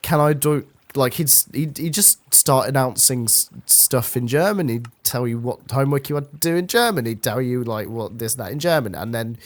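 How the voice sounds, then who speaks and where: A man's voice: medium pitch, lively intonation, moderate pace, hardly any pauses. A young man co-hosting a casual gaming chat who tells school stories and teases his friend with lots of laughter. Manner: teasing, giggly storyteller. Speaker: co-host.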